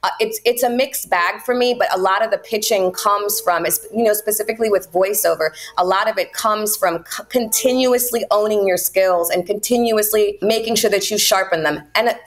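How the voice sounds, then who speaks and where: A woman voice-over actress from the Caribbean talks shop as a podcast guest. She is lively and animated, and her voice sits in a middle pitch. She bursts now and then into playful quoted voices. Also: moderate pace, hardly any pauses. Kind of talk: casual interview talk. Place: Miami.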